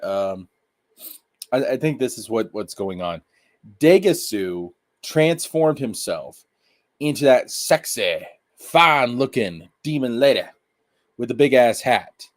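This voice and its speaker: A man hosting a casual live-stream anime review, talking excitably in slang and repeating his points. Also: medium pitch, measured pace.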